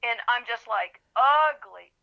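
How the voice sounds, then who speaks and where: A woman author, a guest on a podcast, tells her story animatedly, acting out the voices of the people in it and becoming emotional. Her voice is on the high side and gravelly, at a measured pace, and the audio is dull.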